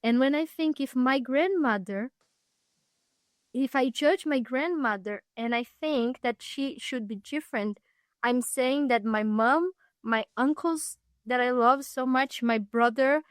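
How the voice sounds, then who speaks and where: A young woman with a fairly high voice speaks reflectively as a podcast guest. She pauses often and restarts her phrases while she searches for words. The sound is close and dry. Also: dry recording. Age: young adult. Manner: thoughtful, halting, frequent restarts. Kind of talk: reflective personal storytelling.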